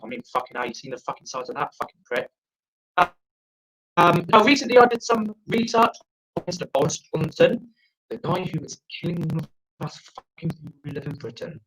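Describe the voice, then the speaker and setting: Over a video call from a friend's house, a young South African man does profane, rambling stand-up at an online open mic. His voice is a little high and fairly bright, and the recording is rough.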